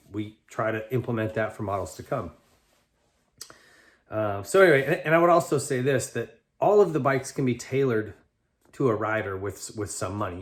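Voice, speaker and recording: A man hosting a talk show, answering listener letters in a loose, rambling conversational way with lots of restarts. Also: lowish voice. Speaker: podcast host and bike tester. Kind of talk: casual chat answering listener mail.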